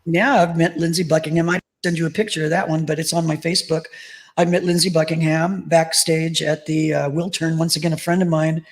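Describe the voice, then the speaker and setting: A middle-aged woman, a tribute band singer, chatting as an interview guest and telling lively anecdotes full of acted-out quotes. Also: low-pitched, brisk, rough recording. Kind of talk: casual interview storytelling.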